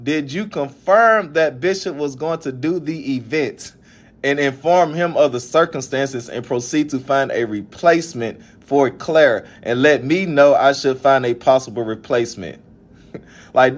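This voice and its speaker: A young man from Alabama with a Southern accent, venting in a casual vlog with frustrated laughs. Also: on the high side. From Birmingham, Alabama. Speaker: event organizer.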